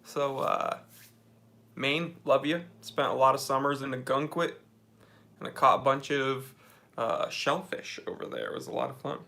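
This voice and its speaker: A man's voice: medium pitch, steady tone, normal speed, gravelly, pushed and bright. A young man from New England, hosting a casual livestream from his office and reading viewer comments aloud in an upbeat way. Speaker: livestream host.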